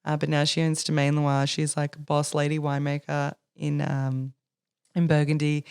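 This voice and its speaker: A woman's voice: low voice, monotone, normal speed, a little mellow, clear, resonant tone. A young Australian woman, a sommelier, chatting on a podcast in a bubbly way, laughing often and acting out what people say. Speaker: sommelier guest. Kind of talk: casual podcast chat.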